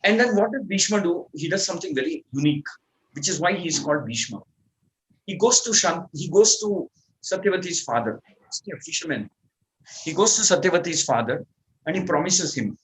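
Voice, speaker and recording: Male scripture teacher, fairly high voice, conversational storytelling lecture. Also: lively intonation, normal speed, fairly bright tone, low-quality recording. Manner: conversational, repeats points and restarts.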